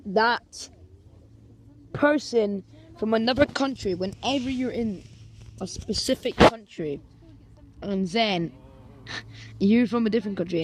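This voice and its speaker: A young Scottish vlogger telling comic stories and switching into exaggerated character voices. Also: medium pitch. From Scotland. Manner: jumps between narration and exaggerated character voices. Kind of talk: comedic storytelling with acted skits.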